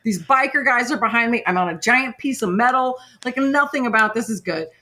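Brief: middle-aged woman podcast host, high and bright, chatty storyteller full of "like" and "right?". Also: a little fast, slight background noise. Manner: animated, laughing, lots of "like" and "right?". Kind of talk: casual storytelling.

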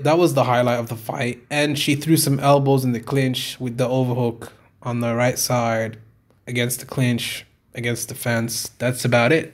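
A man giving an exasperated, profane review of a fight, swearing and repeating himself. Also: mid-range voice.

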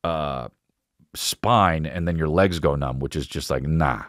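A man hosting a podcast, telling a comic story in an animated, rambling, profane way. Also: rumbling low, a little slow, dry recording, clean studio sound. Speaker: podcast host.

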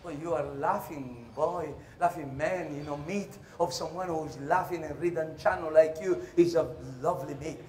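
A man's voice: a little high, normal speed, hardly any pauses, darkish tone, roomy sound, pitched below the performer's own voice, natural voice. A man voicing a sly male tribal magician who talks coaxingly and matter-of-factly about eating people.

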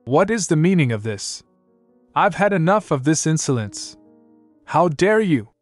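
A man's voice: fairly high pitch, very animated, measured pace, faint music behind, voice pushed up. A man voicing a weak young king who reacts in outraged, shaken bursts. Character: pathetic young king, panicking and indignant.

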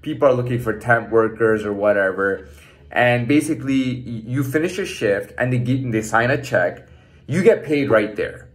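A man's voice: medium pitch, animated, normal speed. A man in his thirties casually telling a story from his own life, loose and profane, with lots of "like" and "man" fillers. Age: 30s. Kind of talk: casual personal storytelling monologue.

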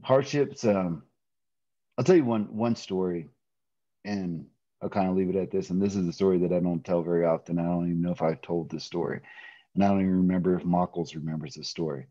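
A middle-aged man telling a personal story in a podcast interview, animated, often laughing and acting out quoted voices. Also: sits low, fairly quick, dry recording, highs cut off. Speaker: interview guest, pro wrestler.

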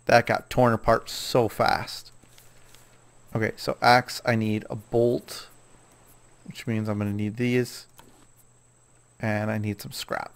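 A man's voice: fairly low pitch, flat delivery, slow, pauses often, clean tone. A man casually commenting on his own gameplay, chatting to himself and scolding the animals in the game.

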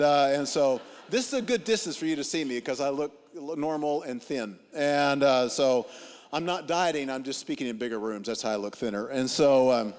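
A man preaching a sermon as a guest speaker, telling stories with comic timing and acting out what people said. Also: mid-range voice. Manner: comic, animated storytelling with acted-out dialogue. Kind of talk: humorous sermon storytelling. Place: church auditorium. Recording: long reverb of a large hall.

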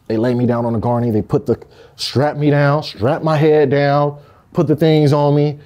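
Streetwise man with a dark voice. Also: on the high side, fairly even intonation, moderate pace. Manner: streetwise, swears, quotes people in their voices. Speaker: interviewee. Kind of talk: candid storytelling interview.

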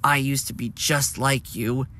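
A man voicing a weary, ghostly old female steam engine who speaks in a cold, wheezing hush. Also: mid-range voice, fairly even intonation, a little slow.

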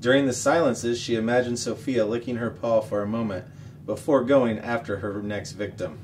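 A man reading a children's novel aloud as the show's regular reader, steady and expressive. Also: mid-range voice, normal speed. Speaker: story reader. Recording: distant mic, faint noise.

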